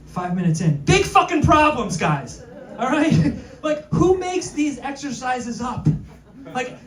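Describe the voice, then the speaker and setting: A male stand-up comedian doing a self-deprecating set, tossing quick asides to the crowd. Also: sits high. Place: comedy club with live audience. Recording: echoey club, distant mic, crowd noise.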